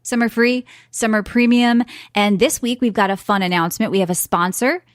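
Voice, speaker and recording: A woman's voice: medium pitch, fairly even intonation, fairly quick, dry recording, studio quality. A woman co-hosting a live gaming podcast, chatty and enthusiastic, laughing often. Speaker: podcast co-host. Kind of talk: casual gaming podcast chat.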